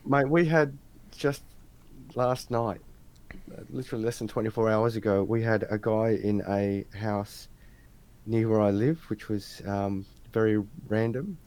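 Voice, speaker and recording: A man's voice: fairly low pitch, measured pace, a little mellow, clean tone. An Australian man interviewing a guest, telling anecdotes in a chatty, slangy way. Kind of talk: casual chat.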